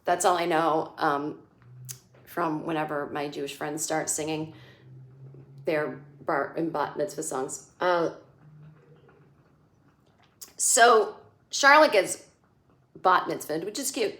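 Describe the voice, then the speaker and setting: A woman's voice: low voice, fairly bright tone. Chatty sarcastic woman in an echoey room. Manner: chatty, sarcastic, acts out characters' lines in quick impressions. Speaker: podcast host recapping a TV episode. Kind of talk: casual solo recap.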